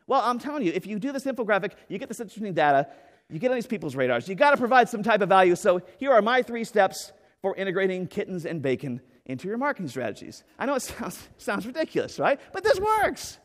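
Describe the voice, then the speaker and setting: On stage in a large conference hall, a man whose voice sits high gives an energetic, enthusiastic keynote. He's animated and jokey, tossing in quick asides, fillers and plenty of "right?" The recording is echoey with long reverb.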